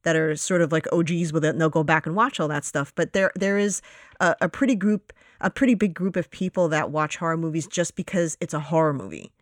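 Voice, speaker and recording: A podcast co-host in casual chat, rambling and acting out their own reactions in quick quoted asides. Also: medium pitch, dry recording, clean studio sound.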